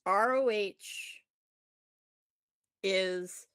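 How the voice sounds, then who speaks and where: A woman co-hosting a podcast, ranting about wrestling in a profane, animated way. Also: mid-range voice, very slow, smooth, no echo, studio quality. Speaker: podcast co-host. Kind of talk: casual wrestling chat.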